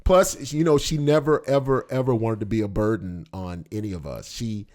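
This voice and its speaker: A man, the father and host, talking casually with his daughter and offering gentle, reflective responses. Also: fairly low pitch, normal speed. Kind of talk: casual family conversation.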